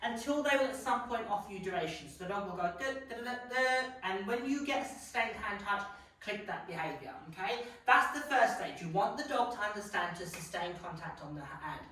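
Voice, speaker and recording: A woman, a dog trainer explaining each step of a training method clearly, one step after another. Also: mid-range voice, lively intonation, a little fast, a bit bright. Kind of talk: instructional demonstration. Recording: echoey room, distant mic, faint noise.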